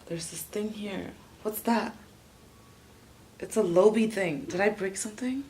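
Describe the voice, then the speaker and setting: A woman's voice: mid-range voice, takes it slowly, background noise. A young woman chatting and swearing freely as she vlogs herself fixing something. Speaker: vlogger. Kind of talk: casual vlog narration while working.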